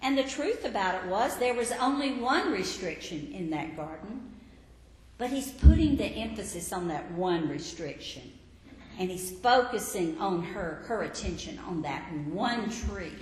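A woman Bible teacher preaches in an emphatic, expressive way, her pitch rising and falling a lot. Her voice carries through a roomy hall with a long reverb tail. A faint noise sits behind it. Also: a little slow. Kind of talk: teaching sermon.

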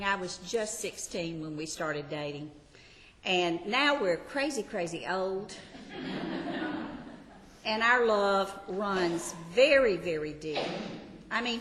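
A woman's voice: mid-range voice, a bit bright, big-room sound, a little hiss or hum. An older woman, teaching a Sunday school Bible class in a chatty, self-deprecating, homey way.

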